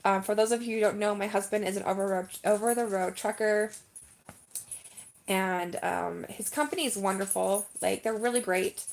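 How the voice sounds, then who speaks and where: A woman's voice: medium pitch, steady tone, moderate pace, vocal fry. A woman vlogging in a casual live-stream chat, talking in an emphatic, rambling way with lots of "like" and "um". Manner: chatty and emphatic, heavy use of "like" and "um".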